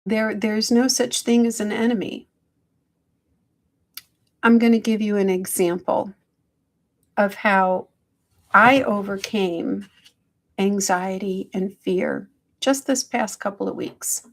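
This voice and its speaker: A middle-aged woman hosting a casual live-stream check-in, speaking slowly and gently to her viewers through a phone. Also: medium pitch, fairly even intonation. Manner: slow, gentle, affectionate, greets viewers by name. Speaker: hypnotherapist livestream host.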